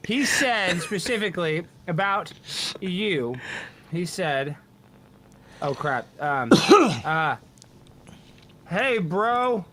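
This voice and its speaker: A man's voice: sits high, animated, very slow, pauses often, sharp tone, slight background noise. A man hosting a live talk show, brash and bossy, reading messages aloud to his guests. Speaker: show host.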